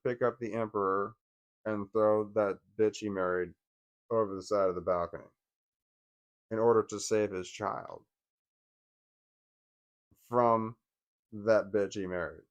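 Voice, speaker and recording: Profane, rambling man venting. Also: lowish voice. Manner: profane, rambling, with frequent restarts and laughs; agitated, venting. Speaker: vlogger. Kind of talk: casual personal monologue.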